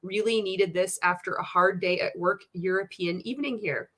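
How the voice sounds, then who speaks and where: A woman's voice: medium pitch, moderate pace. A woman hosting a casual livestream, reading chat comments aloud and mocking a coach, swearing freely and laughing often. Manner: profane, laughing often, animated and teasing.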